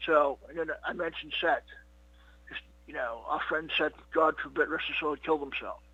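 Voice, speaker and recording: A man's voice: fairly high pitch, moderate pace, husky, dry recording. A middle-aged man, a comedian being interviewed, telling stories in a rambling casual way, full of "you know what" and "he goes". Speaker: comedian guest. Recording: dull lo-fi dry recording.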